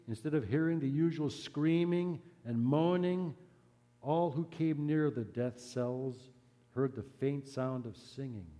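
A male preacher speaks in a mellow, relaxed voice at a middle pitch. His storytelling is earnest and measured, and it sinks to a hush at solemn moments. A long reverb from the church hall trails each phrase. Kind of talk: sermon storytelling.

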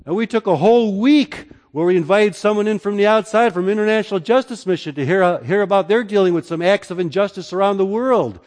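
A man preaching a sermon as pastor, moving between loud, emphatic lines and quiet, low passages. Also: fast talker, few pauses. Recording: long hall reverb.

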